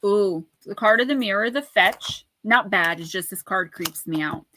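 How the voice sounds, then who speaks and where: A woman's voice: medium pitch, normal speed, pushed and bright, a little hiss or hum. A woman chatting casually on a livestream, talking straight to her viewers and laughing often while she reads oracle cards aloud. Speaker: livestream oracle card reader and author. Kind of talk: casual livestream chat and card reading.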